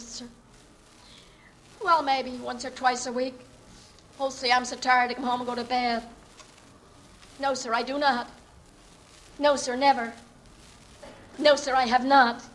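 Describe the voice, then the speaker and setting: A woman's voice: high voice, a bit bright, a little hiss or hum, rough recording. A woman acting an earnest young working-class woman who politely pleads her case to a judge in a dramatic monologue.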